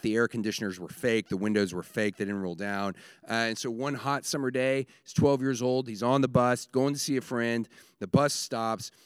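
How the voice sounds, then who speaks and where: Man preaching, smooth resonant voice, lowish pitch, dry close sound, emphatic repeated phrases. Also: dry recording. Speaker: pastor. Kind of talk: sermon.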